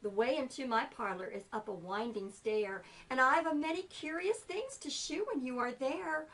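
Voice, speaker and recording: A woman's voice: sits high, animated, moderate pace, a bit bright. Woman putting on a cunning, coaxing spider. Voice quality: coaxing, sugary. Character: cunning sweet-talking male spider.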